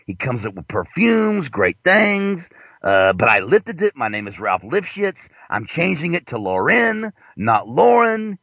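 A man's voice: medium pitch, creaky, fairly bright tone, no echo, full character voice. A man voicing a boastful male businessman who brags in a rambling way. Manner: bragging, rambling. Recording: dull lo-fi, dry.

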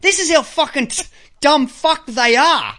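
A man's voice: extremely high pitch, a little slow. A man with an Australian accent hosting a casual radio talk show, swearing freely and tripping over repeated words. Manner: profane, excitable, repeats words.

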